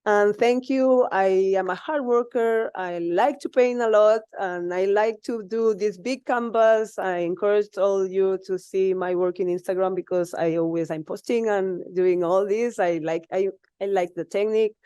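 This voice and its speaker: A woman from Spain with a Spanish accent, giving an unprepared, emotional acceptance speech in halting English with laughs. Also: medium pitch, fairly even intonation, mellow, clean tone, dry recording, dull audio. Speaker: award winner.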